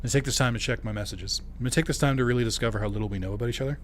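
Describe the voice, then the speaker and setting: A man's voice: medium pitch, racing, a little hiss or hum. Joking, rambling male game streamer. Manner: rambling, jokey, laughs often, swears. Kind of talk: casual game commentary.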